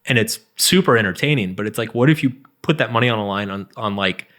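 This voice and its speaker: A man's voice: on the low side, lively intonation, fast, fairly bright tone. A man in his thirties, a guest author on an interview podcast, talking in a loose, rambling way full of "like" and restarts. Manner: rambling, heavy use of "like", frequent restarts. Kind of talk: casual interview chat.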